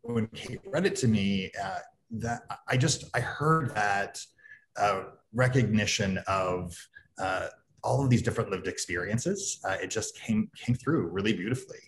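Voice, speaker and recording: Low-voiced man, halting with many ums. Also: lively intonation. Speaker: event host. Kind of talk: casual spoken remarks.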